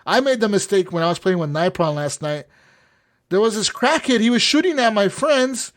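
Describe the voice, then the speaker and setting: A young man co-hosting a casual gaming podcast, telling stories in an animated, profane way. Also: high-pitched, normal speed. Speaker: podcast co-host.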